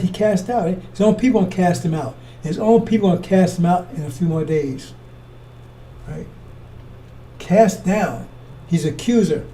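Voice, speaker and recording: Preacher, male, high voice and mellow tone, accusatory and repetitive, recorded from a distance. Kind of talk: fiery scripture commentary.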